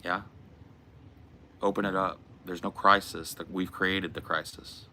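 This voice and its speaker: Brief: low-voiced American host, laid-back and blunt, slight hiss in the background. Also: male voice, level tone, unhurried, bright, forceful tone. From United States. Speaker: podcast host. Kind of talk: casual Q and A with chat.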